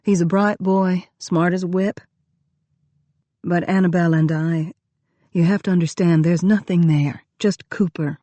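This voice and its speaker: A woman reading the part of an earnest married man who speaks in a low, deep drawl and pleads his case. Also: steady tone, unhurried, mellow, dry recording, natural voice. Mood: pleading. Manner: persuasive, pleading.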